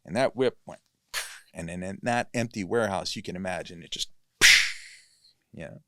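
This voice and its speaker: A male actor with a low voice, appearing as a guest in a podcast studio, tells a long story at normal speed in a casual, rambling way. He often corrects himself and fills gaps with "you know." The recording is dry.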